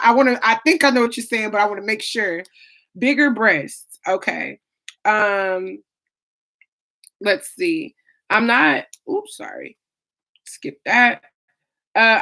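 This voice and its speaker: A young woman hosting a casual livestream, reading viewer comments aloud and reacting in a chatty, expressive way. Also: medium pitch. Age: young adult. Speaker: YouTube live streamer.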